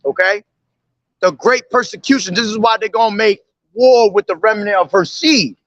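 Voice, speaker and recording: A man with a high, bright, ringing voice preaches from scripture. He reads each verse slowly, then breaks it down, asking "okay?" and "all right?" again and again. The sound is dry and close, with no room around it. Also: no echo, dull audio. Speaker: street preacher. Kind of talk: street preaching, reading and explaining scripture.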